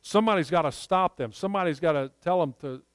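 A man preaching a sermon, telling stories in an earnest way and slowing down to stress key points. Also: fairly high pitch, smooth, dry recording. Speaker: pastor.

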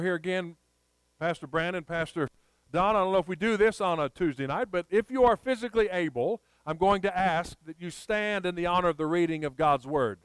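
A middle-aged pastor preaches with a high, smooth, resonant voice, close and dry on the mic. He tells folksy stories and moves into earnest prayer. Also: no room sound, rough recording. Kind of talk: sermon with storytelling and scripture reading.

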